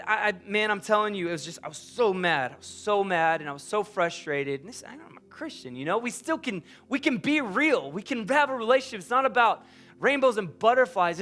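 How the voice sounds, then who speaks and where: A man preaching a sermon as a pastor, emphatic and personal, swinging from loud urging to quiet confiding. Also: sits high.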